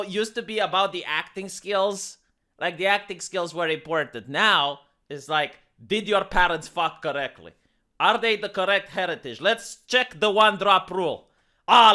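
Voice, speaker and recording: High, bright-voiced sarcastic man. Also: clear, resonant tone. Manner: sarcastic, mocking. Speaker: commentary vlogger. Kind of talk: sarcastic commentary rant.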